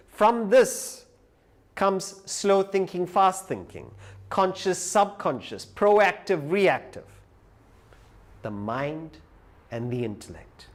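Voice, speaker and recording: A man giving a live lecture who tells a story with animated delivery. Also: high voice. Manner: animated storyteller, acts out quoted voices. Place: lecture hall.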